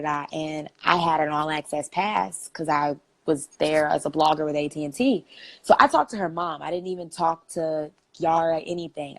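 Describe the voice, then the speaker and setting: A young woman in her twenties, a guest telling a story in a casual, chatty way with lots of "like" fillers. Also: on the low side.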